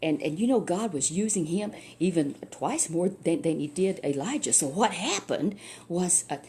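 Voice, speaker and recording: A woman's voice: on the low side, expressive, moderate pace, warm tone, a little hiss or hum. An older woman, a grandmother telling a Bible story to a child in a folksy, chatty way full of asides.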